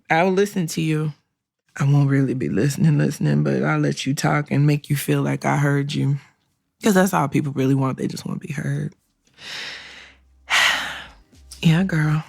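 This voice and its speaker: A middle-aged woman talks straight into a close mic in a candid solo podcast, blunt and sassy. Her voice sits low with a gravelly fry, and the sound is dry and close. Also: no echo. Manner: blunt, sassy and conversational, with laughs and acted-out quotes. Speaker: podcast host and career coach.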